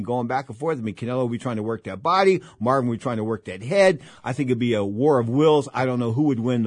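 A man's voice: medium pitch, no echo, studio quality. An older man hosting a boxing talk radio show, rambling through stories and repeating his catchphrases. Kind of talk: casual talk radio monologue.

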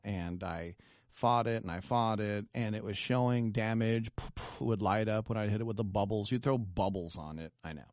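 A man hosting a radio talk show, telling an animated, self-deprecating story in casual chat. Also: lowish voice, dry recording, studio quality.

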